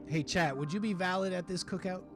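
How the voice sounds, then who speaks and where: A man hosting a casual livestream, chatting loosely with his viewers and reacting to a video in an animated, rambling way. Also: high voice, brisk. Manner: animated, rambling, talks to chat, mock-singing asides. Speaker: livestream host. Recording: music playing behind the voice.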